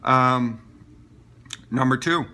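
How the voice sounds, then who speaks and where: A man's voice: mid-range voice, very slow, pushed and bright. A man from Maine with a Maine accent, talking casually to camera in a rambling way with many fillers and restarts. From Maine, USA. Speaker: vlogger.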